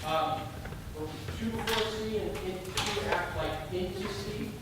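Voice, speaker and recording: A man's voice: sits high, slow. A man in the orchestra who politely raises a concern with the conductor about tempo. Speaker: orchestra player asking a question. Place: orchestra rehearsal room. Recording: distant and echoey, loud noise.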